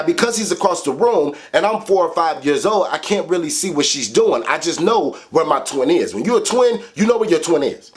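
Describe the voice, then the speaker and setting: A man telling a childhood story to camera in a casual, animated way, swearing heavily. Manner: animated, profane, heavy swearing; big swings in pitch for emphasis. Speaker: vlogger.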